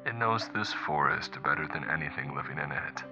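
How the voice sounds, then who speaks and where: Brief: man reading a doomed, wounded pilot, low and tense on a dull recorder, very deep voice. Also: expressive, moderate pace, music in the background. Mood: grim. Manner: low, tense, hushed reports. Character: wounded, hunted male pilot logging his last messages. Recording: muffled lo-fi recorder playback.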